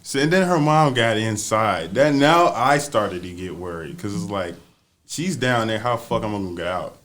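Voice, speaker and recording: A podcast co-host tells a wild story in casual chat, laughing a lot and acting out the quotes with animation. His voice is lowish and his speed normal.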